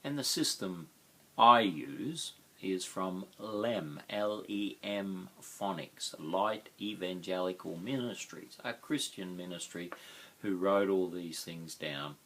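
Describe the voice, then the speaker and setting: Slow, deep-voiced Australian male teacher. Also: creaky, a bit bright, husky. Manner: slow, sounds out words syllable by syllable. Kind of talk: teaching explanation.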